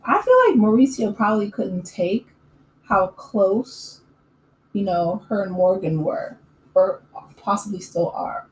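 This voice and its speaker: A woman talks through a reality show recap in a loose, opinionated way, filling pauses with fillers and breaking into quick laughs. Her voice sits at an ordinary middle pitch. She is recorded in an echoey room with a faint hum of ambient noise behind her. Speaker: YouTube recap host.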